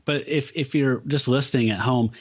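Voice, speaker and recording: A man's voice: medium pitch, steady tone, normal speed, lo-fi sound. A man co-hosting a comic book podcast, recapping panels with rambling enthusiasm. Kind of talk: casual chat.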